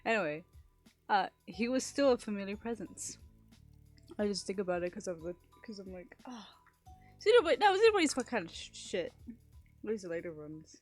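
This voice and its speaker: A woman streamer reads a story game's narration aloud in a mid-range voice, breaking off into chatty, swearing asides. Soft game music plays underneath. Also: medium pitch, very animated, a little fast. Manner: chatty, laughs and swears between lines. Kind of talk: reading a visual novel aloud on a live stream.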